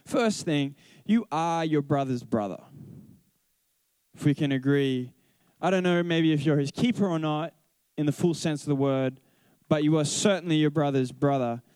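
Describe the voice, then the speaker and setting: A man who teaches gives a casual Bible talk in a smooth, darkish voice on the high side, with no echo. He rambles through his stories and keeps correcting himself.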